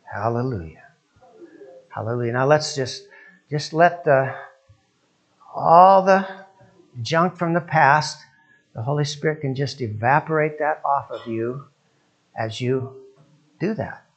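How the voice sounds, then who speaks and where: An older man with a mid-range voice preaches a sermon slowly, with long pauses, telling stories and leading prayer. He shifts between soft, hushed passages and loud, emphatic ones.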